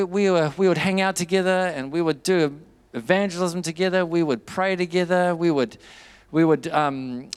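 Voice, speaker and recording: Nz guy preaching, kinda high voice, tells stories then gets all fired up. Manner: storytelling with quoted dialogue, rising to fervent urging. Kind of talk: sermon.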